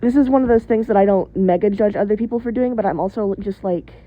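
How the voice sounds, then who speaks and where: A woman vlogger speaks quickly straight into the camera, offering blunt, candid opinions in a casual monologue laced with swearing and rambling asides and fillers. Her voice is medium-pitched, and the audio is narrow and tinny.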